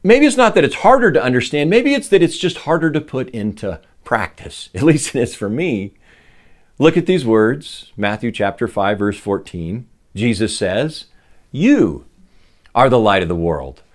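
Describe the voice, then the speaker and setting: A man's voice: mid-range voice, expressive, normal speed. A man preaching a sermon in a conversational way, asking rhetorical questions and adding light laughs. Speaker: pastor.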